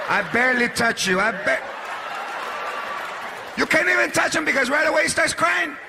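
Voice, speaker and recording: High, gravelly shouting comedian. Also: male voice, normal speed, pauses often. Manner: shouting, animated storytelling. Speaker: stand-up comedian. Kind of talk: stand-up comedy. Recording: live stage, loud crowd, noisy.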